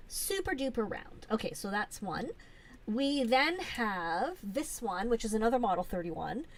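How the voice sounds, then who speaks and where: A woman's voice: on the high side, big pitch swings, unhurried. A woman hosting a casual live stream, chatty and gushing, with lots of fillers as she shows things off.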